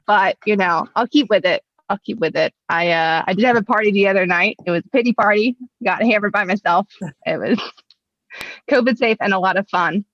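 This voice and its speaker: A woman's voice: mid-range voice, fairly bright tone, dry recording, dull audio. A woman in her twenties doing a stand-up set over a video call, dry and self-mocking, laughing at her own jokes. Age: 20s. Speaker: stand-up comedian.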